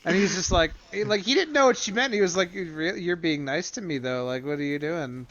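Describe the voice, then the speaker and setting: Animated man retelling a comic. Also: sits high, fairly quick, highs cut off. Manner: animated retelling with put-on character voices. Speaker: podcast co-host. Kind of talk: casual comic book discussion.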